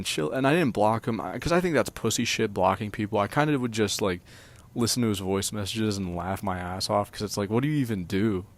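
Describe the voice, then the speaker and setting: A man telling a personal story in a casual vlog, rambling, full of fillers and swearing. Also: on the low side. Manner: rambling, filler-heavy, profane.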